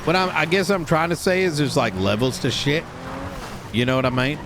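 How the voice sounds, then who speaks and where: A man's voice: on the high side, animated, a little fast. A man playing a police officer in role-play, reasoning things out and asking questions. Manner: questioning, reasoning, laughs easily. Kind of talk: in-character role-play chat. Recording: clear background noise.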